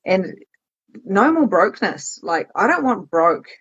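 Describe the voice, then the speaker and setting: A woman guest telling personal stories candidly in a podcast conversation, with lively quoted asides. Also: medium pitch, a little slow, slightly rough, lo-fi sound. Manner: emotional storytelling, swearing, lively quoted asides. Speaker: guest, business coach.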